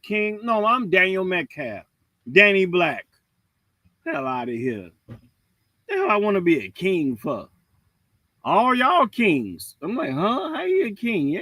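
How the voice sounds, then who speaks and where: A man hosting a livestream, ranting in a blunt, profane and mocking way, with swings between loud and quiet. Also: sits high, no room sound, rough recording. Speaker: livestream host. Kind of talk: heated livestream rant.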